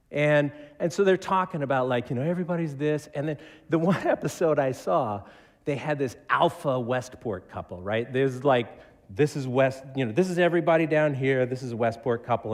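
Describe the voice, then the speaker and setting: A man from Connecticut, a pastor preaching a conversational, joking sermon who acts out quotes. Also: on the high side. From Connecticut, United States. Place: church. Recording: reverberant church sanctuary.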